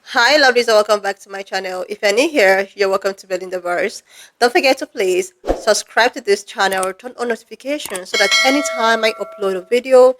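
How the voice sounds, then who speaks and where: A woman's voice: mid-range voice, fairly quick, a bit bright, slight background noise, low-quality recording. Upbeat woman hosting a channel. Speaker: channel host. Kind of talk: scripted channel intro.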